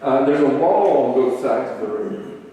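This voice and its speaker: A man's voice: mid-range voice, big pitch swings, moderate pace, dark tone. Man teaching a Bible class in an echoey hall. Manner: retells stories loosely with many "uh"s and restarts. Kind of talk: conversational Bible lesson. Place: church meeting room. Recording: echoey hall from a distant mic.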